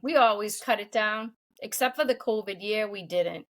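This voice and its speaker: A woman's voice: mid-range voice, moderate pace, a bit bright. A middle-aged woman co-hosting a podcast in casual chat, blunt, swearing casually and laughing often. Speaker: podcast co-host.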